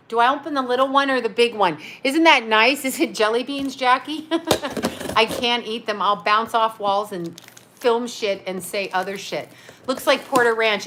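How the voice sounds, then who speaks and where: Bright-voiced excitable woman vlogger. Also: fairly high pitch, slight background noise. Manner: excitable, laughs often, exclaims "oh my God". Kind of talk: casual vlog, unboxing a care package. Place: home.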